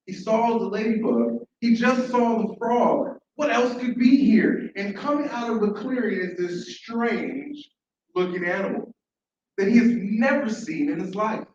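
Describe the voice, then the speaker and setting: A man tells a story live, animated and repeating his phrases as he engages the crowd. His voice sits high. He is heard from afar in a big echoing room, with a dull sound and faint room noise. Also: a little slow. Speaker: storyteller at an open mic. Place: large room at a library event. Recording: echoey, dull, from far off.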